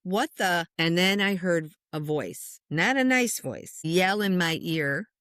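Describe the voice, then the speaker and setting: A woman in her sixties, a spiritual medium, telling a personal story in a casual interview, chatty and lively, acting out the voices of the people in it. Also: fairly low pitch, slow, smooth, no echo, studio quality. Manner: animated storyteller who acts out quoted voices; chatty, with frequent "you know" and "like".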